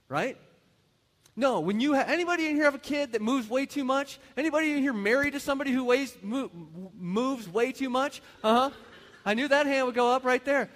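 Pastor, male, high-pitched, playful preaching with questions to the pews, big church echo. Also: animated, moderate pace, a bit bright. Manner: humorous, asks the congregation rhetorical questions. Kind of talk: sermon. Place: church sanctuary.

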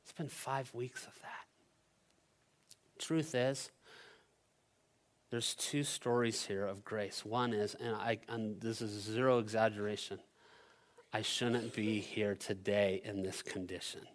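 A middle-aged man preaching a sermon as a pastor, telling a personal story in an animated, conversational way. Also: fairly low pitch, unhurried.

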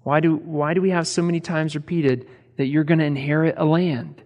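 A man's voice: a little high, steady tone, brisk, a little mellow. Man preaching in a reverberant hall. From American Midwest. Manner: conversational preaching with rhetorical questions and humor. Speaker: pastor. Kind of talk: sermon.

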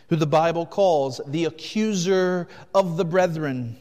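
A man preaching a sermon, earnest, swinging between loud urgent passages and hushed ones. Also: a little high, a little slow, few pauses, big-room sound. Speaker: pastor.

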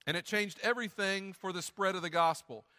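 A man's voice: high voice, a little fast, sharp tone, long reverb tail. A man preaching a sermon as pastor, reading scripture aloud and adding conversational, joking asides. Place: church sanctuary.

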